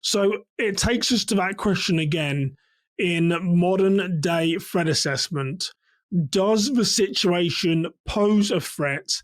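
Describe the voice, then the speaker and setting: A man from England giving measured, instructive commentary on a church security case as a trainer. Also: sits high, no echo.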